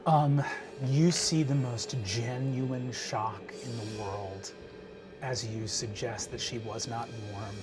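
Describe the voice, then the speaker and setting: A man's voice: medium pitch, fairly even intonation, music in the background. Brief: male game master, hesitant, filler-heavy narration. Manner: hesitant, many ums, quick asides.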